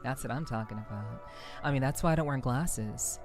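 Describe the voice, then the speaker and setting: A woman's voice: a bass voice, moderate pace, music in the background. A woman streamer chatting casually with viewers, rambling, swearing freely and laughing often. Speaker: livestreamer. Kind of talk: casual livestream chat with viewers.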